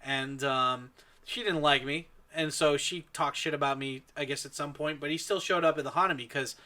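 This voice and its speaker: Bright-toned man, profane storyteller. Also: on the high side, steady tone, normal speed. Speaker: guest. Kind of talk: casual podcast chat.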